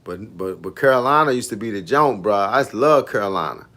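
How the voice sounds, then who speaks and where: A man's voice: fairly low pitch, lively intonation, fairly quick, sharp tone. Dude in his 50s, fitness coach chatting loose on a livestream, slangy and easygoing. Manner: laid-back slangy banter, frequent laughs, addresses viewers directly. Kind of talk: casual livestream chat with viewers.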